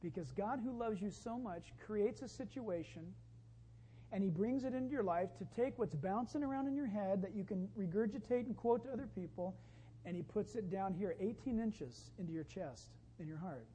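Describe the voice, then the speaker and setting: A woman pastor delivering a sermon, emphatic and building to loud exclamations. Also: mid-range voice, normal speed, a little hiss or hum, rough recording.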